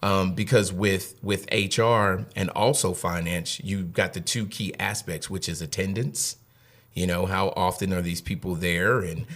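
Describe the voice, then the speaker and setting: A man's voice: low voice, fairly even intonation, a little slow, a bit bright. A man in his thirties, a guest on a podcast, giving earnest advice in casual talk and often repeating words as he thinks. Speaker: HR director guest.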